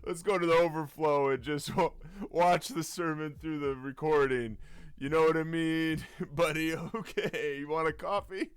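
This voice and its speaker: A man's voice: a little high, fairly even intonation, moderate pace, clean tone, no echo, lightly acted. Man doing an overly friendly security guard. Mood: coaxing. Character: coaxing male church security guard.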